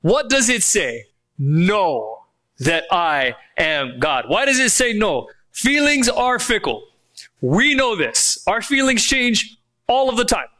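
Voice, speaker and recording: A man preaching with a high, bright, ringing voice. He is emphatic and fires off rhetorical questions, then slows right down to lean on key phrases. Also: very animated. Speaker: pastor. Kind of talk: sermon.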